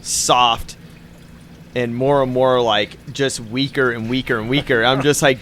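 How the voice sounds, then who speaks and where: A man's voice: medium pitch, steady tone, unhurried, a bit bright, a little hiss or hum. A man hosting a podcast in casual chat, laughing often and swearing freely. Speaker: podcast host.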